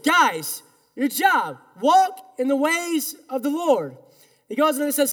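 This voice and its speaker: A male pastor with an unusually high voice delivers an earnest, emphatic sermon. He leads his congregation in call-and-response. His words ring with the long reverb of a large church hall. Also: very animated, takes it slowly, fairly bright tone. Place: church sanctuary.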